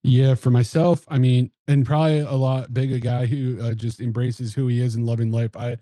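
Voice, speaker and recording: Comedian guest, man, rambling storyteller, dark warm tone, dry close mic. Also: medium pitch, flat delivery, normal speed, dry recording. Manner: rambling, laughs through his stories. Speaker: comedian and podcast co-host. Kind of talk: casual chat.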